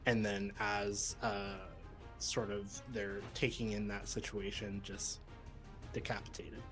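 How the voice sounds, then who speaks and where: A man describing his character's actions in a tabletop game, hesitant and halting, clearing his throat between fillers. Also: fairly low pitch, level tone, fairly bright tone, soft background music, low-quality recording. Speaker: player.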